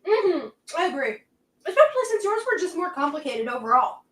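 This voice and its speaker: A woman's voice: very high-pitched, big pitch swings, a little fast, fairly bright tone, recorded from a distance, slight background noise. A bubbly, talkative woman from Canada co-hosting a casual livestream. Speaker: livestream co-host. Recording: roomy sound from off the mic.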